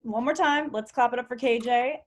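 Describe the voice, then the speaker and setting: A woman's voice: a little high, fairly quick, a little hiss or hum. A young woman hosting a comedy stream, chatty and giggly as she introduces the comics. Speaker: show host.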